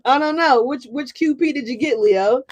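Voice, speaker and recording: A woman's voice: high-pitched, normal speed. A woman doing a casual tarot reading for her viewers, chatty and profane, often asking "right?". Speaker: tarot card reader.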